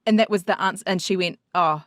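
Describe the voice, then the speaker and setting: A woman accent coach on a podcast, telling a story in lively fashion and acting out both sides of the conversation. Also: mid-range voice, quick pace, no room sound, studio quality. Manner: animated storyteller who acts out both sides of a dialogue. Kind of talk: casual podcast chat.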